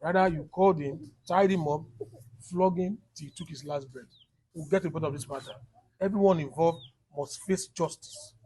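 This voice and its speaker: A man's voice: on the high side, moderate pace, darkish tone. Firm Nigerian activist man, noisy background. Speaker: human rights activist. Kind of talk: field statement to camera.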